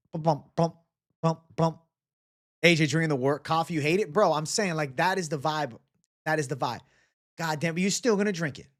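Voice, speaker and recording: A young man hosting a livestream, chatting casually with viewers and telling rambling, profane stories. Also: on the high side. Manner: profane, rambling storyteller, talks to chat. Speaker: livestream host.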